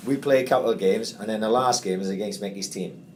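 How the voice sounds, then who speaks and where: A man hosting a podcast, telling an animated, sweary story and acting out the quotes. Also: fairly low pitch, fast talker, slight background noise. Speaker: podcast host. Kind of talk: casual storytelling chat.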